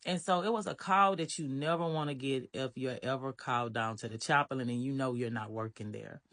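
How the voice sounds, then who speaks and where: A woman's voice: very deep voice, fairly quick, a bit bright. A woman earnestly recounting a painful memory from her time in prison, telling it as a vivid personal story. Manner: earnest, vivid, retelling scenes with feeling.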